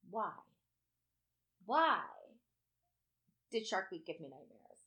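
A woman co-hosting a casual chat, telling an animated story with heavy swearing and acted-out quotes. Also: a little high, slow pace, long pauses.

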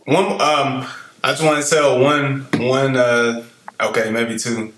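A man with a mid-range voice talks casually, retelling a story with quoted lines in a relaxed way. His voice has noticeable room echo around it. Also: mid-range voice, slow pace, a little hiss or hum. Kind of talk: casual conversational chat.

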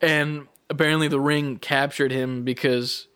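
A man's voice: fairly high pitch, level tone, unhurried, a bit bright, clean tone. A young man chatting casually as a podcast co-host, rambling with lots of fillers and swearing. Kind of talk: casual chat.

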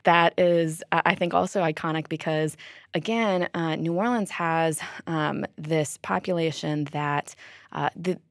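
A woman's voice: low-pitched, steady tone, a little slow, dry recording, clean studio sound. A woman, a linguist, explaining her research in an interview, thoughtful and full of ums and uhs.

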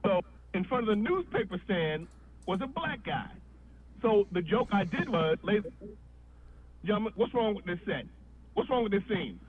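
A guest comedian on a podcast, this man has a high voice and speaks at normal speed, pausing often as he tells a long story. He's an animated storyteller who acts out the voices of the characters. The line sounds tinny and phone-like, with faint noise underneath.

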